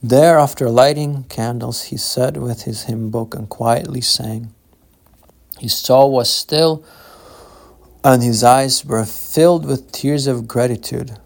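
A man reading his own novel aloud in a slow, measured, solemn audiobook narration. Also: medium pitch, gravelly.

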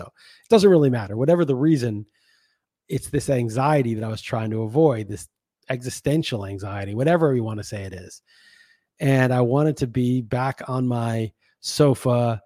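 A man's voice: medium pitch, warm tone, dry recording, clean studio sound. A man hosting a podcast, talking through a reflective solo monologue in a frank, musing way with casual swearing. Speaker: podcast host.

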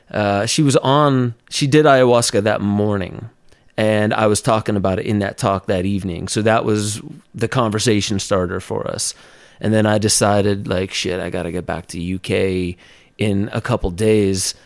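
A young man, a documentary maker on a speaking tour, tells a personal story as a podcast guest, with lively laughs and filler words. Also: on the low side, unhurried, clean tone, no echo, clean studio sound. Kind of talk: casual storytelling in an interview.

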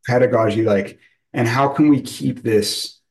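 A man's voice: medium pitch, normal speed, darkish tone, rough recording. A man interviewing a guest, talking loosely and searching for words, with many fillers. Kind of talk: casual conversational interview.

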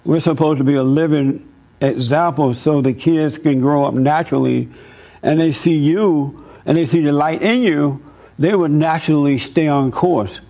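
A man hosting a talk show, telling an animated, emphatic story and preaching in a casual, fervent way. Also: fairly high pitch, moderate pace.

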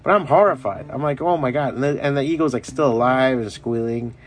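A man's voice: medium pitch, a little fast, slight background noise. Rambling, foul-mouthed man hosting a podcast. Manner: rambling, profane, loose storytelling. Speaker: podcast host. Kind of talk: casual solo podcast monologue.

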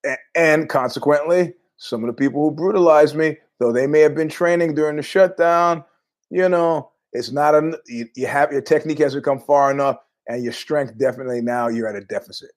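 A man's voice: on the high side, brisk. A middle-aged man hosting a podcast, telling rambling, jokey stories in a casual monologue with asides. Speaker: podcast host.

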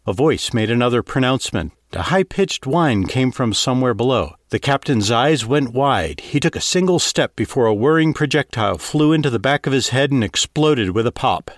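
Expressive male audiobook narrator. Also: medium pitch, moderate pace, hardly any pauses, no echo, clean studio sound. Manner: expressive, steady storytelling.

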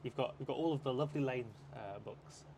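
Hesitant man talking fast over outdoor noise. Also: mid-range voice, warm tone. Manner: hesitant, self-deprecating, many restarts. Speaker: podcast co-host. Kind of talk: casual chat.

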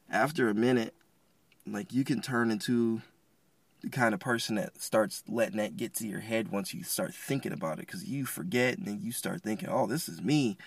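A man's voice: on the low side, a bit bright, dry recording. Rambling man musing in a dry room. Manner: rambling, conversational, frequent restarts and slang. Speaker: podcast host. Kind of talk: casual reflective devotional talk.

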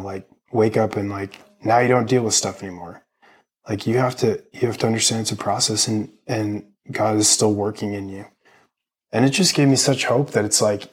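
Earnest man, husky low voice. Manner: relaxed, earnest, many fillers like "like" and "man". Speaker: podcast guest, army medic veteran. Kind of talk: casual faith conversation.

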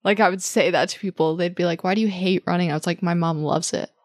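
A woman's voice: on the low side, steady tone, fast, no echo, clean studio sound. A young woman, a podcast guest, chatting in an upbeat, easygoing way and laughing often. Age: young adult. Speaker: guest, host's daughter. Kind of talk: casual chat.

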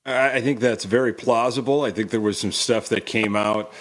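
A man's voice: medium pitch, steady tone, moderate pace. Emphatic man giving a sports opinion. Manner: emphatic, opinionated, builds to strong points. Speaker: podcast guest, team analyst. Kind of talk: casual sports chat.

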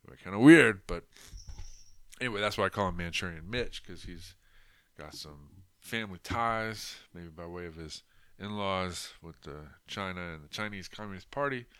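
A man's voice: sits low, normal speed, a bit bright, clean tone, no room sound. A man hosting a podcast, talking in a rambling, crude, mocking way with lots of fillers. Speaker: podcast host. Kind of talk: casual political commentary.

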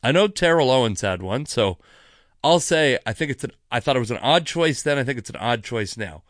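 A man hosting a podcast, telling a rambling story in a casual, animated way, cursing freely, with many asides, while sipping wine. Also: medium pitch, a little fast, no echo, studio quality. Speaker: podcast host.

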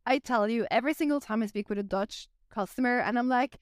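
A young woman with a Flemish accent talks in an easy, chatty way and leans on "like" as she goes. Her voice sits a little high. The sound is dry and close. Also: fast talker, dry recording. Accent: Flemish Belgian. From Belgium. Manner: chatty, says "like" a lot. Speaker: guest. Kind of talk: casual podcast chat.

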